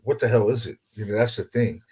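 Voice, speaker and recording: A man's voice: lowish voice, fast talker, a little mellow, a little hiss or hum. A man hosting a podcast in casual chat, emphatic and heavy on swearing and exclamations. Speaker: podcast host.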